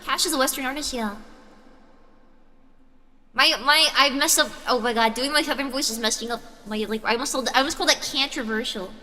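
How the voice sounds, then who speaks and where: A woman's voice: high-pitched, brisk, long pauses, sharp tone, long reverb tail. A woman hosting a livestream in casual chat, rambling and giggling often between thoughts. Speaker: streamer host.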